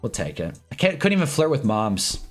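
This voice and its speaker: A young man streamer telling an exasperated, animated story in a casual rant, swearing as he goes. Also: medium pitch, moderate pace, faint music behind. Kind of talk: casual ranting livestream.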